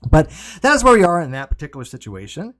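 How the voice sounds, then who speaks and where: A man's voice: a little high, wildly swooping pitch, quick pace. A man hosting a casual livestream, rambling and correcting himself, with wry asides to his chat, talking into a cardioid desk mic from his home streaming room. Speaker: livestream host. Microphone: cardioid desk mic, sometimes turned away.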